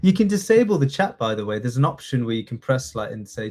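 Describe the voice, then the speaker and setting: Speaking fast in a sing-song, medium-pitched voice with a darkish tone, a British citizenship test tutor in his thirties runs a live online quiz lesson. He chats and jokes, reads multiple-choice questions aloud, and praises students by name.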